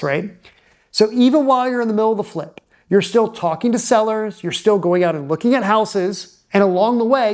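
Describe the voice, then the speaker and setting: A man's voice: sits high, a little mellow. A man who is a real estate investor, giving direct-to-camera advice in an emphatic, punchy coaching manner.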